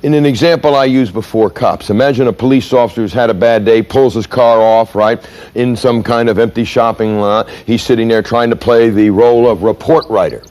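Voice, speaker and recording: A man's voice: mid-range voice, fairly even intonation, a little fast, darkish tone. A man giving a training lecture in an emphatic way, often putting questions to his audience.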